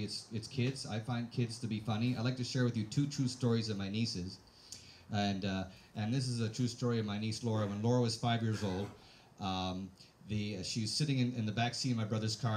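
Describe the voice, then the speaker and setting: A man doing a stand-up comedy set, deadpan and hesitant, full of "uh" fillers. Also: mid-range voice, slight background noise.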